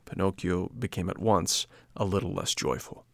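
A man narrating a children's classic in a measured, even storytelling manner. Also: low voice, creaky, no room sound. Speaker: audiobook narrator. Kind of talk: scripted narration.

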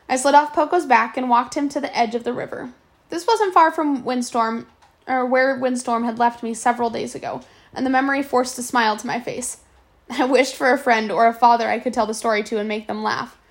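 Woman, novel reading, first-person narration, gravelly, fairly high, steady, occasional restarts. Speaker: audiobook reader.

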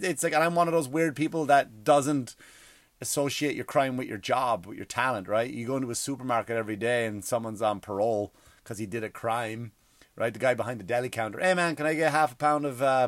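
A man hosting a comedy podcast, ranting in a profane, self-interrupting way with sudden loud outbursts. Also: medium pitch, dry recording, clean studio sound. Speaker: podcast host. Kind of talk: comedic rant.

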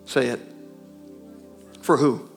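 A man's voice: takes it slowly, soft background music. A man preaching a sermon in a church, emphatic, calling out to the congregation and breaking into folksy asides.

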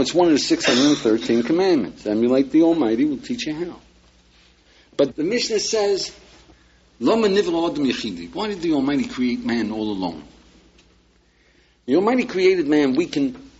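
A man's voice: medium pitch, a little mellow, slightly rough, dull audio. A man, a rabbi, lecturing an audience with emphasis and frequent rhetorical questions. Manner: emphatic, peppers talk with rhetorical questions to listeners.

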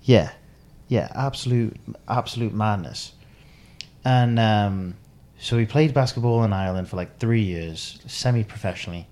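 A man's voice: on the low side, moderate pace, a little mellow. A young man telling a rambling story on a casual podcast, laughing often and acting out what people said. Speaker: podcast co-host.

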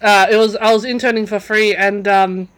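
A young woman tells a story as a podcast guest. She talks in a chatty, casual way, often restarting her sentences and filling pauses with "um" and "like.". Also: mid-range voice, flat delivery, a bit bright. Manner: chatty, many fillers and restarts.

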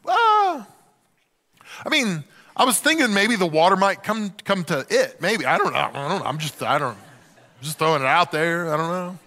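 A man's voice: high voice, big pitch swings, normal speed, bright, forceful tone, in a large hall, exaggerated voice. A pastor voicing a nervous, stammering man who evasively explains his huge boat to a neighbor. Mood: sheepish. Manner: hesitant, stumbling, evasive.

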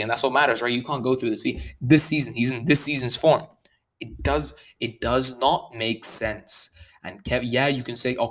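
A man giving casual sports commentary as a baseball analyst, getting worked up as he stresses numbers and restarts his sentences. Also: medium pitch. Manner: restarts sentences, fast and slow bursts.

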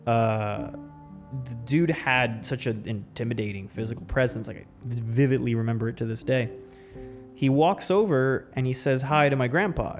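A man's voice: medium pitch, normal speed, faint music behind. A man hosting a podcast, telling a personal story in a loose, reflective way, full of restarts. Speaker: podcast host. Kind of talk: casual storytelling.

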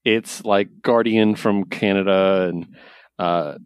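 A man co-hosting a casual podcast, recapping a story with animated storytelling and filler words. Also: sits low, takes it slowly, clean tone, dry recording, studio quality. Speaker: podcast co-host, comic reviewer. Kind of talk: casual chat.

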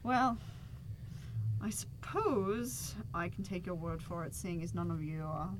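A woman's voice: fairly low pitch, animated, unhurried, background noise. A woman voicing a blunt, suspicious male town guard leader in his sixties during a tabletop game. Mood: grudging. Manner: blunt, suspicious, barks orders. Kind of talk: tabletop role-play acting.

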